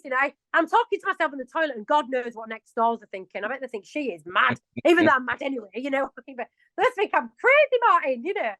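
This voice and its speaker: A woman in her early forties with a broad Yorkshire accent talks casually as an interview guest. She is chatty and self-mocking and laughs often. Her voice sits high, and the sound is close and dry, with little room tone. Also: expressive, fast talker, bright, forceful tone, no echo, low-quality recording. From England. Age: 40s.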